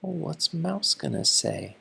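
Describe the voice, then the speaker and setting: Male teacher reading a children's picture book aloud, very slow, gravelly and husky, explaining each page. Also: a little high, very animated, bright, forceful tone.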